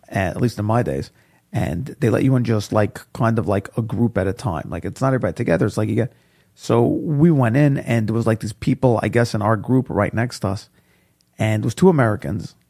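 A man teaching a casual Torah class, chatty and animated, mixing in Hebrew quotes as he tells stories. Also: mid-range voice, gravelly, breathy edge, dry recording, studio quality. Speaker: rabbi teaching Pirkei Avos.

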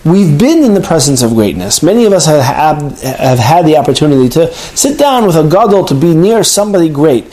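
A man's voice: a little high, big pitch swings, brisk, hardly any pauses, dark tone, low-quality recording. A man giving a Torah class as a rabbi, earnest, often restarting his words. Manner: earnest, with frequent stammered restarts.

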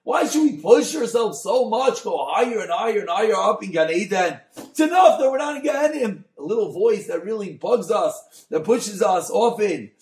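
A man, a rabbi, giving a Torah class on a Mussar text, mixing Hebrew terms into English and swinging from soft to loud. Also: high voice, normal speed, echoey room. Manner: expressive, dynamic delivery, swings from soft to loud.

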